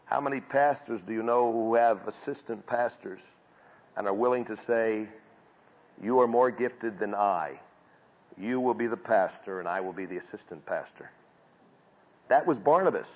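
A man preaching a sermon from scripture, building up to loud emphatic peaks and then dropping back low. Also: normal speed. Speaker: pastor. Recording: dull audio with long hall reverb.

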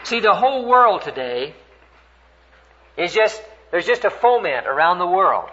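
Older preacher, bright voice, lo-fi. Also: male voice, sits high, unhurried. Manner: earnest, animated storytelling with sudden rises. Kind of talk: sermon. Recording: dull, lo-fi recording.

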